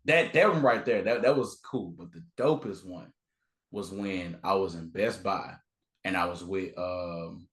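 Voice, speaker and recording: A man's voice: deep voice, measured pace. A young adult man, a guest on a podcast, chatting casually and acting out the people in his stories. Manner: animated storyteller, acts out quotes. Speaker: guest content creator. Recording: roomy echo.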